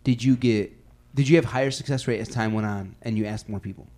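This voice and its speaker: A man hosting a podcast, asking quick follow-up questions in casual, joking chat. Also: on the low side, a little mellow. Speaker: podcast host.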